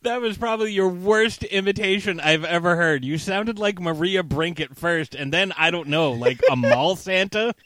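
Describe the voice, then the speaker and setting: A man's voice: sits high, normal speed, hardly any pauses, a bit bright, dry recording. Jokey male podcast host, dry sound. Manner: jokey, teasing banter. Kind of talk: casual podcast chat.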